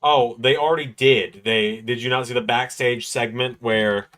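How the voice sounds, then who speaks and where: A man's voice: mid-range voice, fairly even intonation, moderate pace, a bit bright. A man hosting a wrestling watch-along livestream, chatting casually and explaining at length.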